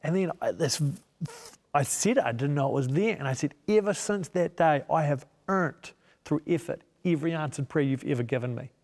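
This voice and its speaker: Gravelly man telling his story, hall echo. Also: on the high side, fairly quick, darkish tone. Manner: earnest storytelling, acting out his own inner voices. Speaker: guest, media missionary. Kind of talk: personal testimony in a sit-down interview.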